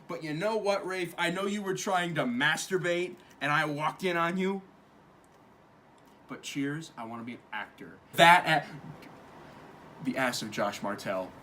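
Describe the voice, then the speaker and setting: A man's voice: a little high, animated, moderate pace, pushed and bright, a little hiss or hum. A man drunkenly retelling a play, rambling and profane, acting out each character in turn. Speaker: drunk storyteller.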